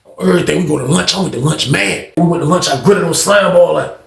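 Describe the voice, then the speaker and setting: A man with a raised, gravelly voice tells a story, casual and animated, full of slang and asides to his listeners. The sound carries a roomy echo. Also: fairly high pitch, fast talker.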